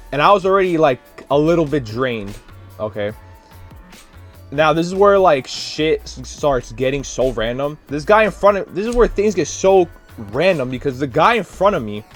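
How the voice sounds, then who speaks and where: Young male vlogger, slightly high voice, tired and rambling, casual storyteller, faint music bed. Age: young adult. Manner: rambling, animated retelling with many fillers. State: tired, drained. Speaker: student teacher.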